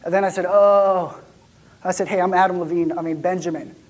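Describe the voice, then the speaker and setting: A man acting out an excitable young shepherd in a first-person church monologue, chatty and lively, then dropping to hushed tones. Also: sits high, fairly quick, lightly acted. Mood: hushed awe.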